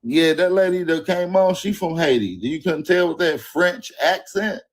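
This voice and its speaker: A man's voice: high voice, normal speed. Profane joking man hosting a stream. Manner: profane, joking, laughs often. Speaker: stream host. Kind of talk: casual chat.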